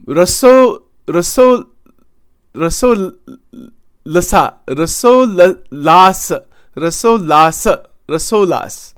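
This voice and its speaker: A man with a high voice gives a devotional spiritual talk. He goes slowly and carefully, repeating and reworking phrases as he explains. The sound is dry and close, with no room around it. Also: dry recording. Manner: slow, searching, repeats phrases and restarts while explaining. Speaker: spiritual teacher. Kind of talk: devotional discourse.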